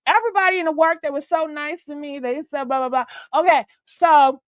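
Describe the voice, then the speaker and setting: A high-pitched woman spills a long personal story to her stream audience, lively and profane, calling everyone "girl." Her voice comes through dull and lo-fi, with a dry sound and no room echo. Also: fairly quick. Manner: animated, chatty, profane, keeps calling the listener "girl". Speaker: host. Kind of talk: casual storytelling on a live stream.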